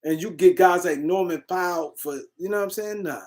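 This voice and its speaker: A man hosting a casual sports livestream, answering comments and shouting out viewers in the chat. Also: sits high, a little fast. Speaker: livestream host.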